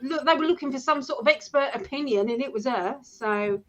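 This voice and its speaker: A high-voiced woman co-hosts the chat in an easy, gossipy way. She laughs readily and keeps the conversation rolling. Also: a little fast, a loud crowd. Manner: chatty, laughs often. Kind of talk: casual chat.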